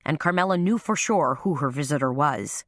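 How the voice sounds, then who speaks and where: A woman narrates a mystery audiobook with a deep, low voice. Her even storytelling is recorded close on a studio mic in a dry, deadened space. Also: brisk, dry recording. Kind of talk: scripted narration.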